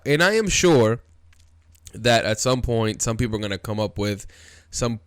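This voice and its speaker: A man hosting a casual anime commentary video, talking excitedly and loosely, calling viewers dude and bro. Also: lowish voice, normal speed, pauses often, smooth, dry recording, clean studio sound. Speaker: video host.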